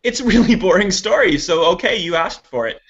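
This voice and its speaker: Bright-voiced man chatting casually. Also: high-pitched, expressive, brisk, highs cut off. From Canada. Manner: chatty, self-deprecating, lots of "like" fillers. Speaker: guest, gaming website founder. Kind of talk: casual chat.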